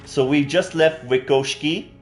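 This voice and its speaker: A man talks through a game on a live stream, slowly and unhurriedly. He pauses often, restarts his sentences, and fills the gaps as he thinks aloud in casual, friendly commentary. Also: fairly high pitch, soft background music. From Quebec. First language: French. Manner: slow, halting, many fillers and restarts.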